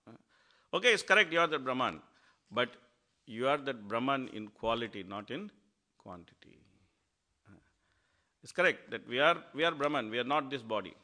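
A man's voice: normal speed, long pauses. A man giving a devotional talk, telling stories animatedly and acting out the quotes. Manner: animated storytelling, acts out quotes with rising pitch. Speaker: speaker at a devotional class.

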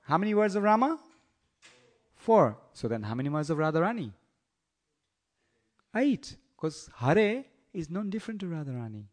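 Male preacher, slightly high voice, lively and teasing, takes audience questions. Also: normal speed, pauses often. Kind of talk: storytelling sermon.

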